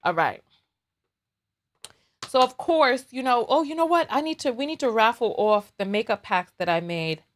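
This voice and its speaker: A woman's voice: fairly high pitch, expressive, normal speed. A woman hosting a casual live stream while doing her makeup, teasing viewers in a playful, dramatic way.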